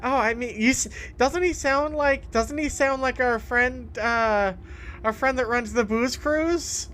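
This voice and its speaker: A woman's voice: fairly high pitch, unhurried, a bit bright, a little hiss or hum. A woman playing a character in a tabletop game, playful and joking. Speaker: player.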